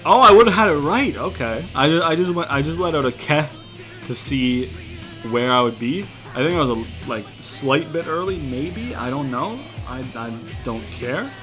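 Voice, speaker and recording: A young man from outside the US giving rambling, profane let's-play commentary, breaking into loud exasperated rants. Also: medium pitch. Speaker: gaming YouTuber.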